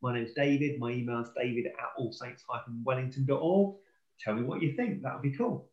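A man's voice: mid-range voice, brisk, a little mellow, highs cut off. A man in his thirties hosting a casual church live stream, friendly and rambling, often correcting himself. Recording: echoey room.

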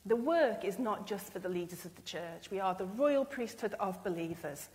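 A woman preaches with earnest feeling, her voice at a middle pitch. She acts out what she imagines people saying as she goes. Her words ring out with the long reverb of a church. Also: animated, moderate pace, a little mellow. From England. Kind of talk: sermon.

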